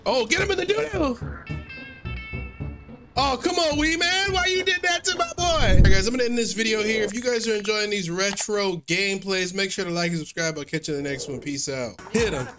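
A man giving casual, excitable gameplay commentary, loud and profane, with plenty of slang. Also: high-pitched, a little fast, over music. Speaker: gaming YouTuber.

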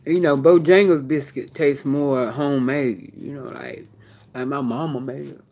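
A woman's voice: rumbling low, measured pace, warm tone. A woman vlogging in a casual live stream while eating, chatting straight to her viewers.

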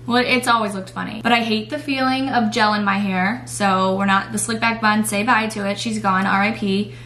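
A woman's voice: medium pitch, fairly even intonation, normal speed, a bit bright. A young woman vlogging casually at home at night, rambling with lots of fillers and the odd swear word. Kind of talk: casual vlog chat.

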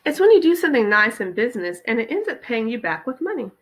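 A woman reading aloud, voicing a sharp, questioning young girl in a storybook. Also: on the high side, very animated, fast talker, husky. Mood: reciting.

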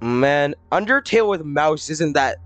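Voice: mid-range voice, lively intonation, a little slow, no room sound, faint music behind. A livestreamer chatting casually with viewers, reading chat aloud, laughing often and swearing between bursts of silly voices. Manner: giggly, rambling, swears, breaks into silly voices.

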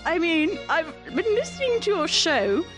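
A man's voice: extremely high pitch, sing-song, a little slow, over music, heavily acted. A man doing a giggly old queen. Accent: put-on British. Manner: giggly, breaks character, slips into Cockney. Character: the Queen of England, bawdy older woman.

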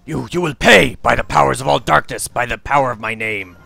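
A man voicing a sinister, gloating male evil wizard from a fantasy video game, in a gravelly, theatrical voice. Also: mid-range voice, brisk, pushed and bright, faint music behind, heavily acted. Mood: menacing.

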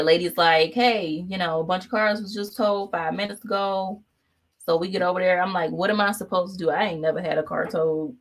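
Chatty woman painting and telling stories. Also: on the low side. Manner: chatty, animated, acts out quoted voices. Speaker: painting instructor. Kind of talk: casual storytelling while painting.

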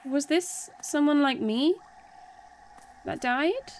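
A woman giving excited gameplay commentary, exclaiming and panicking as she plays. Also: sits high, slow pace, a little hiss or hum. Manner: exclaiming, panicky, laughing often. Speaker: let's play streamer. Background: game music.

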